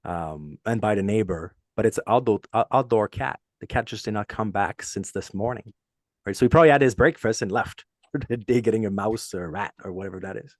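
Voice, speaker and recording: A middle-aged man with a French accent, a native French speaker, chatting casually as podcast co-host, halting and restarting often. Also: fairly low pitch, no echo, clean studio sound. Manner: rambling, halting with many restarts. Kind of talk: casual chat.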